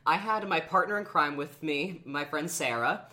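A man's voice: fairly high pitch, moderate pace. A man hosting a podcast, telling a story in casual chat, acting out the quotes with lots of fillers. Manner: animated, acts out quotes with many fillers. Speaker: podcast host.

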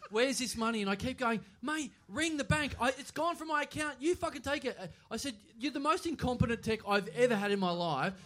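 High, bright-voiced man telling a story. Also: animated, fairly quick, few pauses. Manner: rambling storyteller, swears, acts out both sides of an argument. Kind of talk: live comedy podcast anecdote. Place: stage at a live show.

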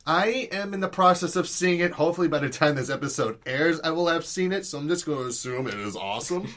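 A man chatting on a podcast with a bright, forceful voice that moves all over in pitch. He delivers news items casually and jokes around between them. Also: quick pace. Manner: lively, jokey. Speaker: podcast co-host presenting news. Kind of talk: casual chat.

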